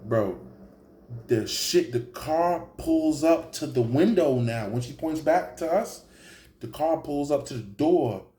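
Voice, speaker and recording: A young man telling a story in a casual, animated way, full of slang and profanity, often checking in with "right?". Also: fairly high pitch, slow. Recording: roomy echo.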